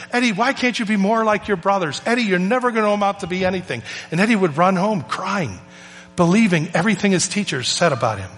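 A man preaching a sermon, telling stories in an earnest, emphatic way with pauses. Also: on the high side, a bit bright. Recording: long hall reverb with faint music.

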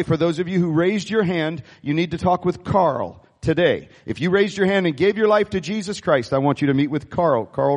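A man preaching a sermon as pastor, animated and calling on the congregation to respond. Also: high-pitched, in a large hall. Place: church sanctuary.

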